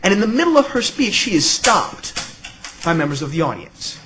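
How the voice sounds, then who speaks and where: A man's voice: high voice, sing-song, moderate pace, background noise. A middle-aged man speaking on an academic panel, witty and emphatic, often checking in with "okay?" and "right?". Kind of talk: academic conference talk.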